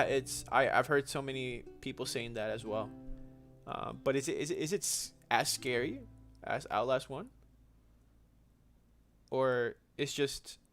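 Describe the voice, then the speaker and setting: A man's voice: medium pitch, gravelly, fairly bright tone. A young man hosting a gaming livestream, casually answering viewer questions in a chatty, slangy way with frequent restarts.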